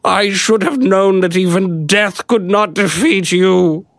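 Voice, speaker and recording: A man's voice: sits high, slow pace, no room sound, studio quality, voice pushed up. A man voicing a tearful, pleading peasant woman.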